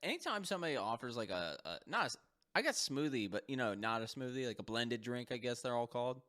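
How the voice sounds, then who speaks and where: A man's voice: mid-range voice, very animated, quick pace, fairly bright tone. A young man co-hosting a podcast, chatting casually, laughing often and swearing freely. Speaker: podcast co-host. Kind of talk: casual chat.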